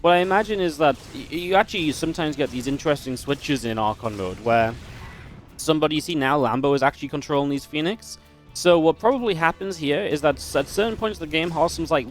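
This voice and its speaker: A man's voice: fairly high pitch, quick pace, soft background music. A man casting a strategy game match, chatty and analytical, breaking into easy laughs. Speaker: esports caster. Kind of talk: play-by-play game commentary.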